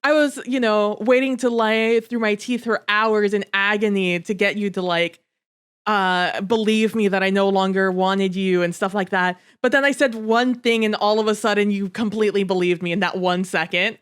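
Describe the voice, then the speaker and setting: A woman's voice: mid-range voice, steady tone, moderate pace, clear, resonant tone, lightly acted. Woman paraphrasing a remorseful young vampire lover. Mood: pleading.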